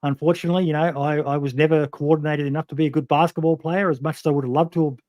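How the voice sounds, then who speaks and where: A man's voice: fairly high pitch, steady tone, very fast, a little mellow, no echo. Aussie podcast host guy, blunt and sweary, lots of ums, dry close mic. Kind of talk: casual interview chat.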